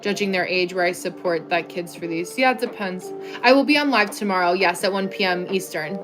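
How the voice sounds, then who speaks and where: A young US woman hosting a casual livestream reads viewer comments and chats back, full of "like," using a clip-on mic. Her voice is on the low side and fairly quick, and music plays underneath.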